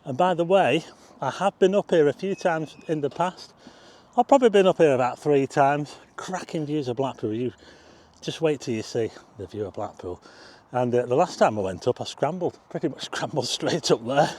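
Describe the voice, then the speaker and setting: This older man narrates a casual vlog outdoors, driving before climbing a hillside on foot, with exclamations and breathlessness. The voice is on the high side, expressive, and darkish in tone at a moderate pace.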